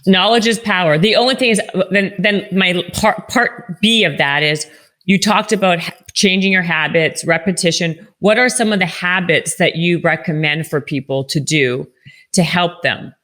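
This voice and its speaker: A woman hosting a podcast interview, asking a halting question with restarts. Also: on the low side, a bit bright. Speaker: podcast host. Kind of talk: interview conversation.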